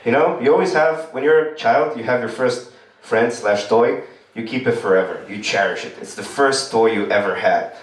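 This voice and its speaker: A man's voice: medium pitch, moderate pace. Man doing stand-up, echoey and distant. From Romania. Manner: loose, rambling storytelling. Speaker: stand-up comedian. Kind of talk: stand-up comedy. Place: comedy club stage, indoors. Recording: echoey room, distant mic.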